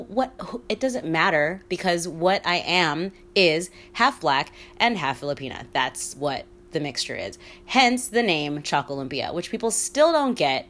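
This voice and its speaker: Female podcast host, low voice, hushed half-whisper, candid and chatty, swears freely. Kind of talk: casual solo podcast monologue.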